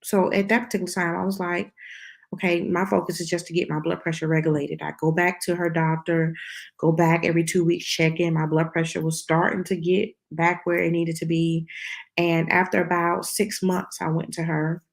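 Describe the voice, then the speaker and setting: A woman's voice: on the low side, flat delivery, moderate pace, creaky. A middle-aged woman from the southern United States, hosting and sharing a personal testimony in an earnest storytelling way, acting out the dialogue she quotes. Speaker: host.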